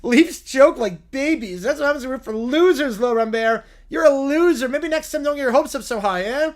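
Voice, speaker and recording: Computer voice playing a smug little bully kid, high voice, rubbing it in. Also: male voice, lively intonation, moderate pace. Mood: taunting. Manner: taunting, smug. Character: gloating bald boy bully, rival fan.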